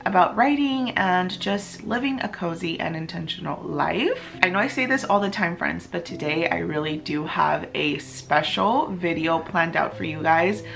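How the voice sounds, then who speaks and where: A young woman author talking casually to her camera, warm and chatty, with bursts of gushing excitement and breathy gasps. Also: fairly low pitch, moderate pace, hardly any pauses. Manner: gushing and breathless, many gasps and nervous laughs. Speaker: author and book vlogger. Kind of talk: casual vlog talk to camera.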